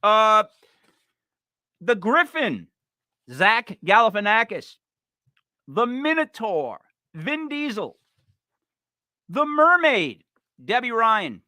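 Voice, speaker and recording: A man's voice: high-pitched, big pitch swings, slow pace, pauses often, bright, forceful tone, no echo. A man co-hosting a podcast in playful comedic chat, joking through a list with punchy delivery. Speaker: podcast co-host.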